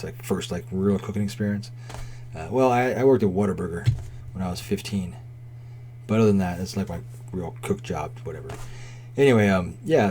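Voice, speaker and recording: A man's voice: on the low side, a little mellow, slight background noise. Profane rambling man telling a story. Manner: rambling, profane, fillers of "right?" and "like". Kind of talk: casual spoken anecdote.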